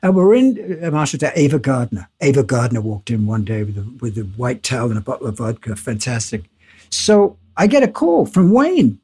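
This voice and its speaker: An older man, a guest in a casual interview, telling animated anecdotes with laughs and swearing. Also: mid-range voice, moderate pace, breathy edge.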